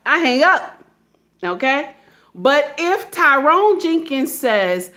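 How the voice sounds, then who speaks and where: High-voiced blunt woman ranting. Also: takes it slowly. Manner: blunt, animated, acts out phone calls in different voices; repeats points with "okay?" tags. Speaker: social media commentator. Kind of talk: casual monologue to camera.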